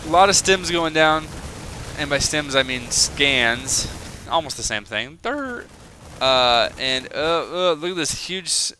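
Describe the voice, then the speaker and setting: A young man giving casual, rambling solo commentary on a video game match, chatty and excitable, with many fillers. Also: fairly high pitch, measured pace, a little hiss or hum.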